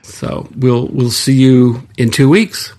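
Halting man with many fillers. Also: medium pitch, mellow. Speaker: podcast co-host. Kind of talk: casual discussion.

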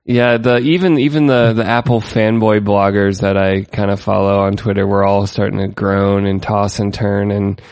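A man's voice: lowish voice, little pitch movement, moderate pace, hardly any pauses, darkish tone, smooth, no room sound, studio quality. A man co-hosting a casual tech podcast, chatty and sarcastic, laughing often. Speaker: podcast co-host.

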